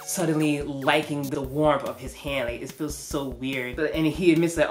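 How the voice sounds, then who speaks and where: Woman reviewer, low voice, rambling casual recap, swears and laughs, faint music behind. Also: fairly even intonation, moderate pace, few pauses. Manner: rambling, profane, laughs often. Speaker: manga reviewer.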